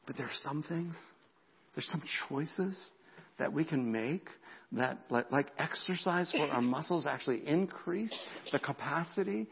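Gravelly-voiced pastor preaching, lo-fi sound. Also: male voice, on the high side, measured pace. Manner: animated, repeats words, drops to a whisper for emphasis. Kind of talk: sermon.

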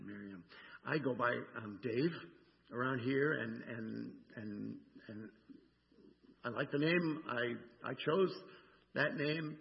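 A man's voice: medium pitch, creaky. A male pastor preaching a sermon in a conversational way, often asking "right?" and acting out the lines he quotes. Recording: dull sound with long hall reverb.

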